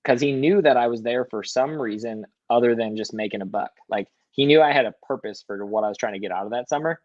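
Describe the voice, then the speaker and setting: A young man, a podcast guest, telling a personal story in a lively, swearing way and acting out quotes, in a hotel room. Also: medium pitch, fast talker, no room sound, muffled recording. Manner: animated, swears, acts out quotes. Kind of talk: casual storytelling.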